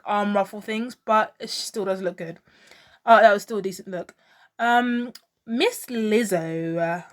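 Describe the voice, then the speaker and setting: A woman talking casually to camera as a pop culture vlogger, chatty and opinionated, full of fillers and gushing exclamations. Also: medium pitch. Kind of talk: casual fashion commentary.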